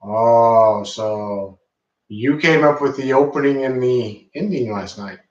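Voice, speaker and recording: A man's voice: medium pitch, slow, a little mellow, reverberant, highs cut off. A young man co-hosting a podcast, the laid-back joker in casual wrestling review chat. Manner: joking, laid-back comic sidekick. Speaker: podcast co-host.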